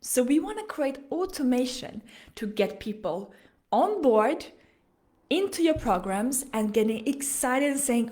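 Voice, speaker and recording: A woman, hosting a solo coaching podcast in an energetic, persuasive way. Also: sits high, unhurried. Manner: energetic, persuasive, talks straight to listener. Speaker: podcast host and business coach.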